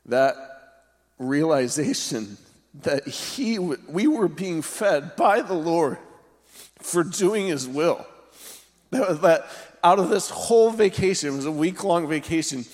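A man's voice: a little high, lively intonation, a little mellow. Man pastor, earnest and reflective, echoing hall sound. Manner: earnest and heartfelt, pausing to reflect. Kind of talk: telling a personal faith story.

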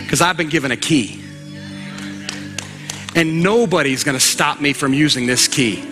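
A male pastor preaching a sermon with emphatic exhortation, sometimes rising to a shout, in a church. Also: fairly high pitch. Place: church sanctuary.

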